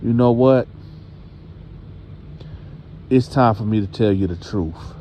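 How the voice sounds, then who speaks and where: A man's voice: lowish voice, slow pace, lo-fi sound, slight background noise. A man voicing a stern, churchgoing grandmother who scolds and presses with questions. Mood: grim.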